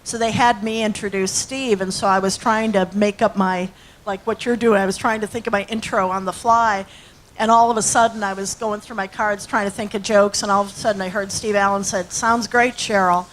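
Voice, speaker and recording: A woman's voice: medium pitch, flat delivery, brisk, slight background noise, poor audio. A woman in her sixties, an actress and acting teacher, telling rambling anecdotes to an audience. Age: 60s. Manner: chatty, rambling storyteller with fillers.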